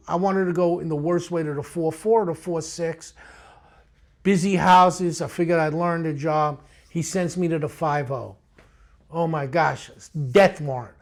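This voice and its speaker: Gravelly blunt New man, older. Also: fairly high pitch. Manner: streetwise, blunt, animated storyteller. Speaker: retired police detective. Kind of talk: storytelling interview.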